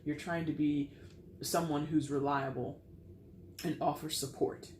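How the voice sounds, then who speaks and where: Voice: medium pitch, fairly even intonation, measured pace, darkish tone, reverberant, slight background noise. A tarot reader giving a casual, rambling reading, full of fillers and blunt, salty language.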